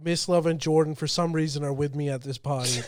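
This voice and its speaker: A young man with a high voice tells a loose, profane anecdote to his friends. He laughs easily and keeps the story rolling in casual podcast chat. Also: fairly even intonation, brisk, dry recording.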